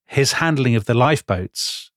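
A man co-hosting a casual history podcast, his voice in a middle register. He talks in a teasing, anecdotal way and throws in quick asides. The sound is dry and close. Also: mid-range voice, lively intonation, no room sound. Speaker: podcast co-host.

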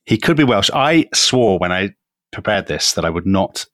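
This English co-host sits low in pitch with big swings, speaking at a moderate pace in a fairly bright tone. He tells history stories with relish, laughs frequently, and calls his co-host by name in a relaxed podcast chat. The studio recording is clean, with no room sound.

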